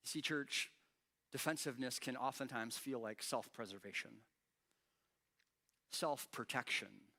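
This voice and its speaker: A man preaching a sermon as pastor, animated and acting out quoted lines with rising intensity. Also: medium pitch, measured pace, creaky, pauses often. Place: church.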